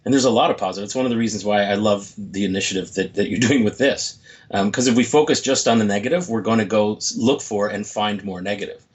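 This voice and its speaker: A man's voice: on the low side, fast. Reflective man in his forties, dull audio. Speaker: motivational speaker. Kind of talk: casual interview chat.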